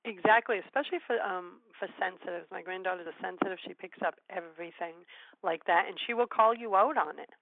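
Older lady radio host, gentle storyteller, sounds like she's on the phone, super dry. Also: medium pitch, fairly quick, dry recording. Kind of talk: casual interview chat. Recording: tinny phone-line sound.

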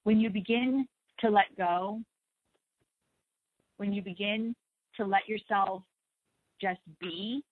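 A woman hosting a spiritual talk show, speaking slowly and gently, repeating herself to reassure listeners. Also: mid-range voice, dry recording, narrow, tinny audio. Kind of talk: slow soothing talk on meditation and letting go.

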